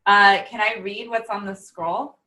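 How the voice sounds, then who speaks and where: A woman playing a bard in a tabletop game, eager and halting. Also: mid-range voice, fairly even intonation, crowd noise, poor audio. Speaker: player. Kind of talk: tabletop role-play as a bard.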